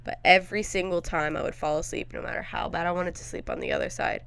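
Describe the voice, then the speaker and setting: Low, gravelly-voiced young woman podcaster. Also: fast talker, fairly bright tone. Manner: rambling storyteller, laughs often. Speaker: podcast co-host. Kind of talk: casual chat.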